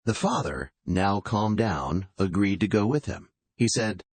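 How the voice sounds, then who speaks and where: A man narrating a bedtime story calmly, switching into voices for the characters. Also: on the low side, unhurried, hardly any pauses, slightly rough, no echo. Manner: calm storytelling with acted voices.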